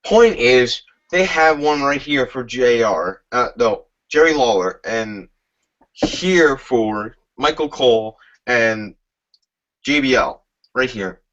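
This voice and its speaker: Guy rambling and cursing in casual chat, bright sharp voice, muffled lo-fi sound. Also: medium pitch, animated, slow pace. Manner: profane, rambling, searches for names. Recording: dull lo-fi.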